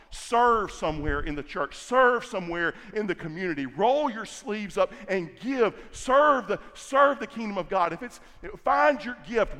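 A middle-aged man preaches from the pulpit in a notably high voice, leaning hard on repeated phrases and stretching out the words he wants to stress. His voice rings through a large church hall with a long reverb trailing each line. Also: a bit bright. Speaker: pastor. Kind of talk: sermon.

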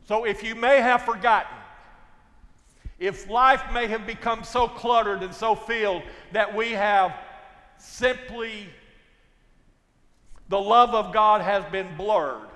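An older man preaching a sermon, telling folksy stories and swinging from loud to hushed. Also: high-pitched, unhurried, pauses often, in a large hall. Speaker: pastor.

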